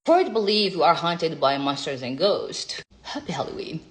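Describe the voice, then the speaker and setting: Sassy low-voiced woman, animated delivery. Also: moderate pace. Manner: sassy, profane, teasing, laughs often; swings between hushed whispers and loud emphatic bursts. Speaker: vlogger. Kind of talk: casual monologue to camera.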